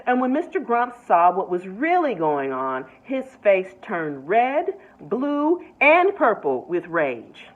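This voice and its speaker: A woman, a nurse, reading a picture book aloud with expressive delivery and asides to her listeners. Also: on the high side, slow. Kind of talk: storybook read-aloud. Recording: tinny phone-like sound.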